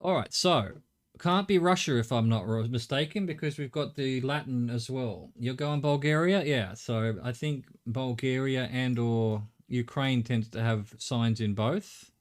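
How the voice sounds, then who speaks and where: A man's voice: mid-range voice, measured pace. A middle-aged Australian man streaming a game, thinking aloud in a rambling way and swearing casually. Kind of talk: live gameplay commentary.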